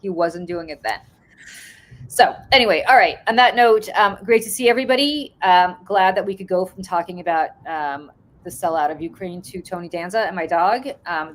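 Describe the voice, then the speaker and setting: Woman podcast host on a video call, animated storyteller, salty tongue. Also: on the low side, fairly quick, a little hiss or hum. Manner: animated storytelling, swears freely. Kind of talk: casual chat.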